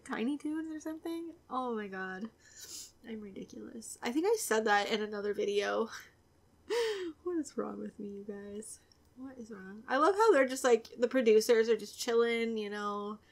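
A woman's voice: a little high, animated, normal speed. Giggly, chatty young woman gamer. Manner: giggly and chatty, often dropping to a soft near-whisper. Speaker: gaming video creator. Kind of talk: casual let's-play commentary.

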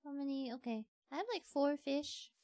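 A woman streamer giving casual gameplay commentary, excitable and pleading as she coaxes a pet. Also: high-pitched, normal speed, no echo, clean studio sound.

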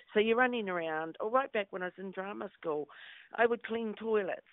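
Middle-aged New actress, storyteller guest, dry tinny phone-quality audio. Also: female voice, mid-range voice, dry recording. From New Zealand. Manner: lively anecdotal, acts out quotes. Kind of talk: interview storytelling.

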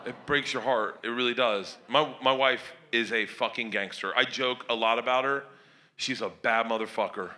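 A middle-aged man doing stand-up, telling a crude, animated story about his daughters. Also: medium pitch, normal speed. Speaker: stand-up comedian.

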